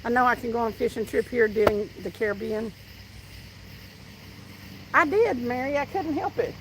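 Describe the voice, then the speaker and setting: Southern lady fishing outside, high voice, chatting to her live chat and telling stories. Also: moderate pace, noisy background. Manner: chatty, reads out viewer comments and tells stories. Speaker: fishing livestream host. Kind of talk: casual live-stream chat.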